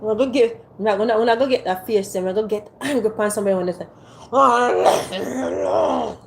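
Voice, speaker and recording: A woman's voice: medium pitch, racing, darkish tone, slight background noise. A woman hosting a casual livestream from a phone on a ring light, playfully teasing and coaxing her viewers to type in the chat. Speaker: livestream host.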